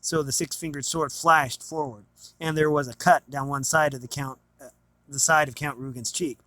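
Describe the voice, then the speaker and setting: A man's voice: fairly high pitch, steady tone, normal speed, sharp tone, no room sound. A man reading a novel aloud, plainly, with small stumbles and restarts. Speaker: reader.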